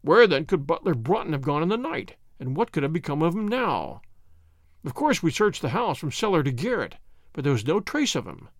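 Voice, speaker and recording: Expressive male storyteller, lively pitch. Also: a little fast, no room sound, clean studio sound. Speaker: story narrator. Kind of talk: dramatic reading of a classic detective story.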